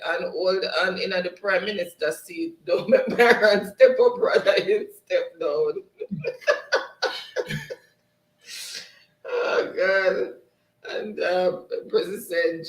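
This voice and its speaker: A man with a slightly high voice hosts a live stream, reading viewer comments aloud in a casual, laughing way. He sounds set back from the microphone in a roomy space. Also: takes it slowly, pauses often, fairly bright tone. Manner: laughs often, reads chat aloud. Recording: roomy, distant mic.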